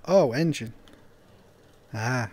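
A young man giving casual, sweary gameplay commentary, swinging into loud disbelief and laughter. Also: medium pitch, lively intonation, very slow, breathy edge. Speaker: gaming YouTuber.

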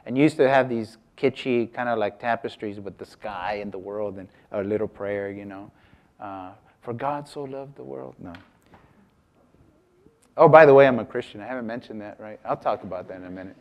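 A man from the United States gives a casual artist talk, his fairly low voice steady and fairly quick. He's chatty, breaks off mid-sentence, and puts questions to the audience.

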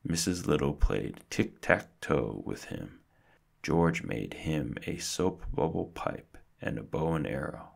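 A man reads a children's chapter book aloud in a steady storyteller's manner. His voice is extremely deep and full of gravel, and he takes his time over every sentence. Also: takes it slowly. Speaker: narrator.

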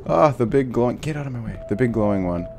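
A young man commenting on his gameplay, swearing and ranting in frustration between quieter muttering. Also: medium pitch, expressive, fast, slight background noise. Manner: angry, swearing, frustrated outbursts. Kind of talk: let's play commentary.

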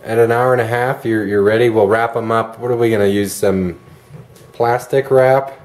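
A man's voice: medium pitch, fairly even intonation, moderate pace, darkish tone. A man hosting a casual cooking video, joking and poking fun at himself. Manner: joking, self-deprecating. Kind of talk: casual cooking demo banter. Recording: echoey room with light noise.

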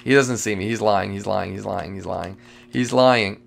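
A man giving live commentary while playing a multiplayer game, jittery and excitable, repeating phrases and breaking into sudden loud outbursts. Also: lowish voice, moderate pace, gravelly. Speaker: gamer playing a multiplayer survival match.

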